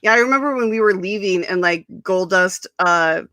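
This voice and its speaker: A woman hosting a casual chat, telling excitable stories full of fillers and restarts. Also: mid-range voice, normal speed, dry recording.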